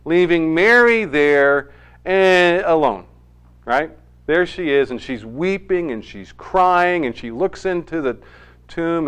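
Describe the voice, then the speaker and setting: A man's voice: on the high side, a bit bright, smooth. A man preaching a sermon in a conversational, emphatic way, with joking asides. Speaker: pastor.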